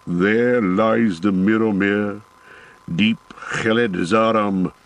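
A man voicing a proud, sorrowful dwarf warrior in an audiobook, speaking slower and heavier than his narration. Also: low-pitched, fairly even intonation, poor audio. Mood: mournful. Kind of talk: audiobook character voice.

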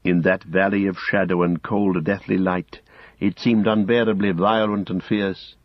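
A man narrating an audiobook in a measured, grave storytelling manner, close to the mic. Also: low-pitched, level tone, no echo. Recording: dull lo-fi audiobook recording.

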